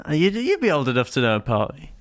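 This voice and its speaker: A man's voice: fairly high pitch, wildly swooping pitch, fast. A man hosting a comedy podcast, teasing and quizzing his co-hosts. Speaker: podcast host. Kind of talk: casual comedic podcast chat.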